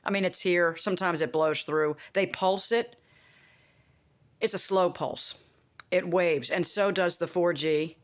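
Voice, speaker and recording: A woman's voice: fairly low pitch, measured pace. Blunt, rambling woman with sound effects. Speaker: vlogger. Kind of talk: casual rambling monologue.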